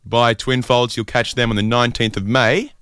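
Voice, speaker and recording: Radio host guy, jokey, laughs a lot, smooth clear voice, dry sound. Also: mid-range voice, steady tone, normal speed, a bit bright, no echo. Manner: joking, laughs often. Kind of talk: casual chat.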